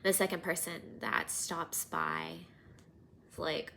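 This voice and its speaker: A woman in her thirties hosting a podcast, telling personal stories in an animated, casual way, sometimes dropping to near-whispers. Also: lowish voice, takes it slowly, vocal fry, slight background noise. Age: 30s. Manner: animated, drops to near-whispers and laughs often. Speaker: podcast host.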